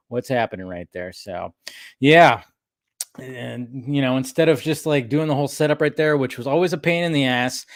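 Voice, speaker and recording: A man's voice: on the high side, no echo, studio quality. A man hosting a live stream from a room at home, chatting loosely and rambling as he greets viewers by name. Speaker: host of a live drinking stream. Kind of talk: casual live-stream chat. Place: home room with a pub table.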